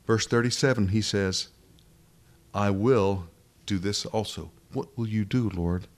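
A man's voice: lowish voice, a little slow. A man preaching a sermon in an earnest, emphatic way, asking rhetorical questions as he works through scripture.

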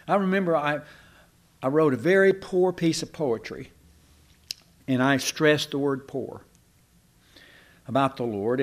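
An older man preaching a sermon, telling church history as stories with asides and restarts. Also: a little high.

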